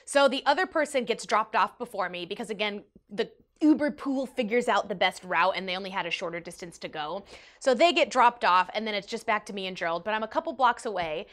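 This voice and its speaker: A young woman vlogger telling a personal story in an animated, emotional way, with big swings in her voice. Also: medium pitch, fairly quick. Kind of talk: storytime vlog.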